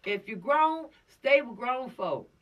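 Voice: mid-range voice, lively intonation, slow, a bit bright, recorded from a distance, lo-fi sound. A law course instructor giving an informal, preachy lecture with streetwise slang.

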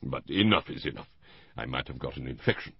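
Elderly detective, theatrical, precise, read by a man, lively, dry sound. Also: very deep voice, brisk, slightly rough, no room sound, muffled recording, heavily acted. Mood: teasing. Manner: precise, theatrical, with French phrases. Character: fussy elderly male Belgian detective, playful.

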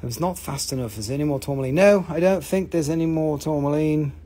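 Husky high-voiced man selling rocks live. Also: fast, warm tone. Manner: joking, swearing, calling out bidders. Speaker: live-stream mineral seller. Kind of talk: casual live auction chat.

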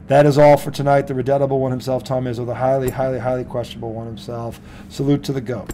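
A man's voice: medium pitch, quick pace, dark tone, a little hiss or hum. A male sports talk host from the Boston area, ranting heatedly with lots of swearing and laughing mid-rant.

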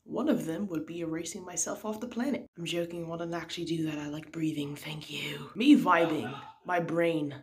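A woman's voice: low voice, moderate pace, hardly any pauses. Young woman in a put-on American accent reading memes with jokey, half-whispered asides. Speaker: channel host.

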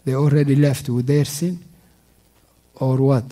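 A man teaching a mosque class on Quran commentary. He recites verses quickly in Arabic, translates them slowly, and repeats words as he searches for them. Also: mid-range voice, steady tone, mellow.

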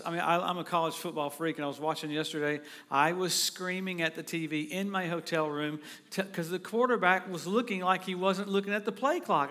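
A middle-aged man preaching a sermon, excitable and quick to laugh, now and then breaking into shouts. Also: on the high side. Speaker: pastor.

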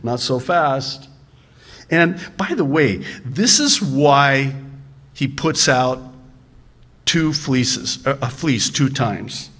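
A male pastor delivering a sermon at a slow, unhurried pace in a mid-range voice. He talks conversationally, with humorous asides, drawn-out pauses, and stammered restarts. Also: medium pitch, expressive, fairly bright tone, husky.

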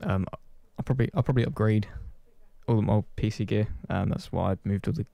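A man's voice: on the low side, quick pace, gravelly, no echo, highs cut off. A man chatting casually to his channel's viewers, rambling and self-deprecating, swearing offhand. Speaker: gaming channel host. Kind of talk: casual chat to camera.

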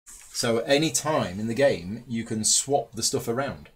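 A man's voice: mid-range voice, expressive, unhurried, slightly rough. A man hosting a board game playthrough, patiently explaining the rules and his own moves to the other players. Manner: patient, guiding other players through actions.

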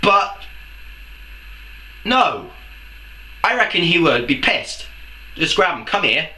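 A man's voice: fairly high pitch, very animated, slow pace, bright, forceful tone. A young man ranting angrily to camera in a comedic vlog, swearing and firing off rhetorical questions. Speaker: vlogger. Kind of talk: angry comedic rant to camera.

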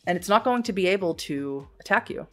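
A woman with a lowish voice runs a tabletop game as game master. She calls for rolls and narrates outcomes in a matter-of-fact way over faint background music. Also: expressive, brisk.

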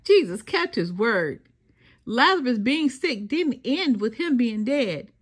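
Slow, lively older woman reading aloud. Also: slightly rough. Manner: slow, sing-song storytelling with dramatic pauses and lowered voice for quotes. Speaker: storybook reader. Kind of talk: expressive children's read-aloud.

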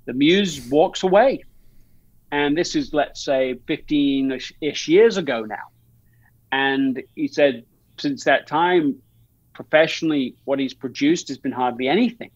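A man's voice: a little high, a little slow, dry recording, dull audio. A man talking as a guest in a podcast interview, rambling through an anecdote with many restarts and fillers. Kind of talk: conversational interview.

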